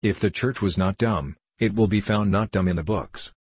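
A man's voice: fairly low pitch, moderate pace, breathy edge, no echo. A man voicing a fierce male socialist debater who argues insistently and without mercy. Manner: forceful, cutting, insistent.

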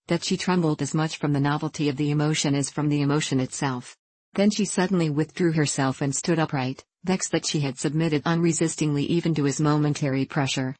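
Low-voiced woman reading a novel. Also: a little mellow, no room sound, low-quality recording. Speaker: audiobook narrator. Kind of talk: scripted narration.

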